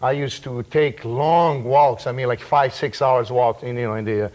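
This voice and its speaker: A man with a Brazilian Portuguese accent, a native Portuguese speaker, gives a relaxed percussion class, rambling loosely and dropping in vocal sound effects. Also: medium pitch, normal speed. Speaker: percussion teacher. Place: room with percussion table. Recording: loud percussion noise and clicks.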